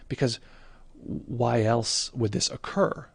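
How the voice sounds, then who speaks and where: Husky man searching for his words. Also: on the low side, fairly even intonation, darkish tone, no echo. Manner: halting, searching for words, with many fillers and restarts. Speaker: meditation teacher. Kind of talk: reflective spoken account of a personal experience.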